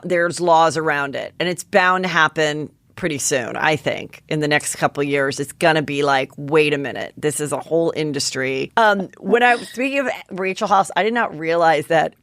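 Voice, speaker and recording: A woman in her forties hosts a casual gossip podcast with a fairly low voice. She talks animatedly, stumbling and restarting as she jumps between stories. The sound is dry and close. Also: fairly bright tone, dry recording. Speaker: podcast host.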